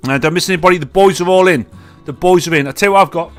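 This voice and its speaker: A man's voice: sits high, rapid-fire, soft background music. A man with a Northern English accent, hosting a casual live chat with friends and chatting loosely with plenty of swearing. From Northern England. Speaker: podcast host.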